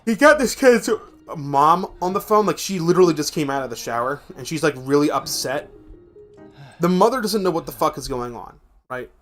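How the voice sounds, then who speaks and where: A man's voice: a little high, normal speed, faint music behind. A young man streaming a game, telling long rambling stories with lots of swearing and filler. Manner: rambling, profane, animated storytelling. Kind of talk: casual gameplay chat and storytelling.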